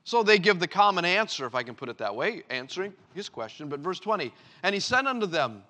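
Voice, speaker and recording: A male pastor preaching a sermon to his church, swinging between loud emphatic lines and hushed, low ones. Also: sing-song, a little fast, hardly any pauses.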